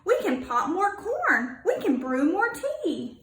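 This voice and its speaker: A woman putting on a squeaky little mouse. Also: huge pitch swings, slow, a bit bright, reverberant, exaggerated voice. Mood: soothing. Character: squeaky little male mouse, cheerful and comforting.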